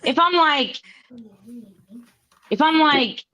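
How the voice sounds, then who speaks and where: A woman co-hosting a casual podcast chat, blunt and animated, swearing freely. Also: sits high, slow, pauses often, slight background noise. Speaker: podcast co-host. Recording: dull lo-fi sound.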